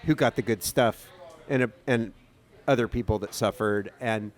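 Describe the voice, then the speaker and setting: Rambling male podcast co-host. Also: medium pitch. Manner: rambling, halting, many fillers and restarts. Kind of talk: casual chat over beers.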